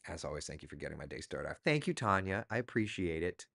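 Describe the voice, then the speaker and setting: Male host, middle-aged, casual live-stream chatter, reads comments aloud, animated intonation. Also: deep voice, fast talker, creaky.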